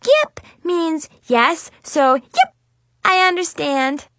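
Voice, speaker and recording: A woman's voice: very high-pitched, very animated, slow, a bit bright, slight background noise, pitched above the performer's own voice, full character voice. A woman voicing a bratty, cheeky little girl who stammers and pleads in a story reading.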